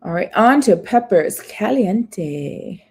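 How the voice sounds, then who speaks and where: A woman chats her way through a festival food menu on a live stream. She reads items aloud and breaks off for little asides. Her voice is mellow and warm. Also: medium pitch, lively intonation, takes it slowly, husky. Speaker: food vlogger.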